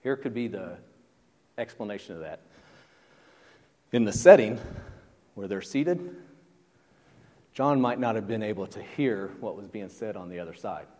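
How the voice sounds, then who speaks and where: A man's voice: on the low side, expressive, measured pace, pauses often, warm tone, big-room sound. A man preaching a sermon as pastor, in a conversational way that keeps asking the congregation questions. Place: church.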